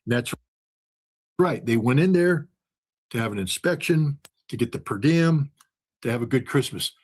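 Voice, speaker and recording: Male guest, husky voice, animated storyteller who acts out the dialogue. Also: mid-range voice, moderate pace. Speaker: guest, former weapons inspector. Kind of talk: storytelling in a conversation.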